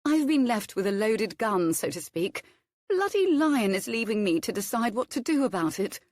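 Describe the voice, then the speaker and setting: A woman's voice: fairly high pitch, sing-song, normal speed, a little mellow, no room sound, pitched above the performer's own voice. Woman narrator playing a tense, eager young lady for an audiobook, lifted voice, dry close sound. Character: spirited young noblewoman, nervous and eager. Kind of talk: audiobook character reading.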